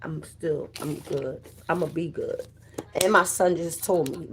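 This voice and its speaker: A woman's voice: deep voice, steady tone, measured pace, background noise. A middle-aged woman chatting casually and profanely on her livestream, greeting viewers by name and telling a story. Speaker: livestream host.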